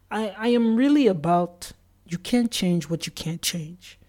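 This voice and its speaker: A solo podcaster recounts the day in an unhurried, mellow mid-range voice whose intonation is lively. It's loose, chatty storytelling, heavy on "like" and full of acted-out quotes.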